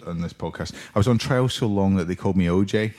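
A middle-aged man, a former footballer, co-hosting a casual football podcast in an animated, jokey way. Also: low-pitched, quick pace. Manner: animated, jokey, laughs often, does mock impressions.

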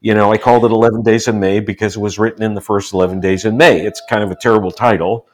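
A man in his sixties from the United States, a guest telling personal stories in a relaxed interview and acting out the quotes. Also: fast talker. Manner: animated storyteller, acts out quotes with rising pitch. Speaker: guest, author. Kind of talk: storytelling in a casual interview.

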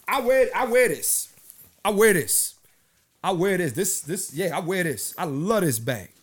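Slangy high-voiced man hosting. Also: very animated, measured pace, breathy edge. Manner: loose, slangy, repeats himself. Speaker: podcast host. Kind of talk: casual solo podcast chat.

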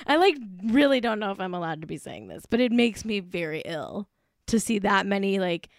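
A woman's voice: medium pitch, sing-song, normal speed, no room sound, clean studio sound. A woman co-hosting a comedy podcast in casual chat, rambling and gushing with lots of "like"s. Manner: gushing, full of likes, with frequent laughs. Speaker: podcast co-host.

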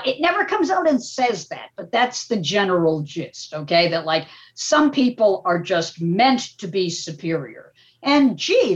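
An older woman talking in a lively, emphatic way, often tagging her points with "okay?". Her voice sits at a middle pitch. The audio sounds a little dull and muffled. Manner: animated, emphatic, frequent "okay?" tags. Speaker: guest, media professor. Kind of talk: casual podcast talk.

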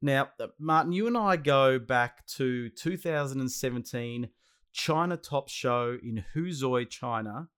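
A man's voice: medium pitch, unhurried, fairly bright tone, clear, resonant tone. An Australian man hosting a casual podcast interview, enthusiastic and slangy, often repeating himself. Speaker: podcast host.

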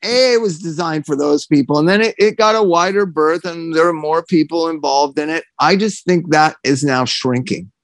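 A man co-hosting a casual talk show, telling profane, animated stories about drinking. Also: fairly high pitch, moderate pace, few pauses, no echo. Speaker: podcast co-host. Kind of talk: casual chat, storytelling.

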